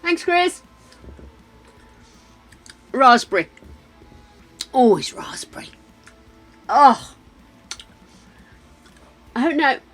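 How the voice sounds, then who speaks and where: A woman's voice: on the high side, a bit bright. An older British woman streaming a game, chatting casually with viewers, laughing often and muttering to herself as she plays. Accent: British English. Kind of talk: casual chat while playing. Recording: faint game music behind.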